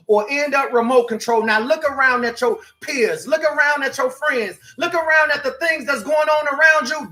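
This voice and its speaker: A man preaching a motivational sermon as a life coach, swinging between shouting and quiet, repeating himself. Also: high-pitched. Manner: preachy, shifts between shouting and hushed, repetitive. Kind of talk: sermon-style motivational talk.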